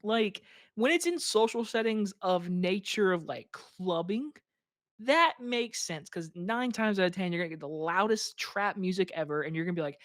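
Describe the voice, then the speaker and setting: A young man co-hosting a podcast in casual chat, laughing often and tossing in quick mock voices. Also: high-pitched, animated, a bit bright, no echo, clean studio sound. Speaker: podcast co-host.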